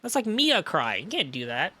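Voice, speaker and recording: Woman game streamer, excitable and profane, wildly lively pitch. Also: normal speed, breathy edge. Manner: excitable, swears often, reacts loudly. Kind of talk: live game stream commentary.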